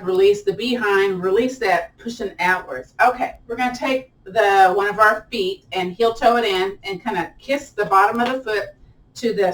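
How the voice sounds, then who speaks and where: A woman's voice: medium pitch, a bit bright, a little hiss or hum. A woman leading a guided chair yoga class, chatty and encouraging, with cheerful whoops between the breathing cues. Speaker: yoga instructor. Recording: echoey room, voice a bit far from mic.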